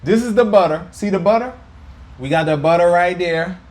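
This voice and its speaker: A man's voice: sits high, normal speed. A man hosting a casual food vlog, playful and teasing as he talks to viewers at home. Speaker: food vlogger. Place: indoors at home.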